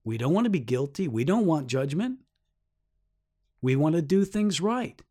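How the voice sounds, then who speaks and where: A man's voice: big pitch swings, moderate pace, warm tone. A man teaching a Bible lesson, explaining earnestly and asking rhetorical questions, his voice climbing sharply when he stresses a point. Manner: rises sharply in pitch for emphasis.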